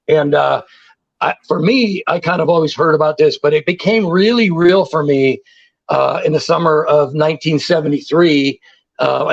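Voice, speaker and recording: A man in his sixties, a guest telling stories in a casual interview, animated and repeating words for emphasis. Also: a little high, muffled recording. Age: 60s.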